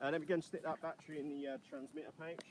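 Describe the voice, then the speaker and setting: A British man livestreams from a field while flying model aircraft, recording on an iPad. His voice sits a little high with a level tone, and he talks rapid-fire, rambling cheekily and casually with plenty of uhs.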